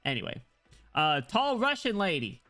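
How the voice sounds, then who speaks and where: A male streamer chatting excitedly and rambling, breaking into sudden high squeals of delight. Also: normal speed, faint music behind. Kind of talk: casual livestream chat while reading a game story.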